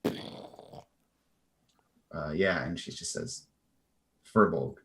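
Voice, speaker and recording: A man playing a tabletop game, giving quiet, plain in-character replies. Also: low-pitched, fairly even intonation, a little slow, slight background noise. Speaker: player. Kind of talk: casual tabletop play.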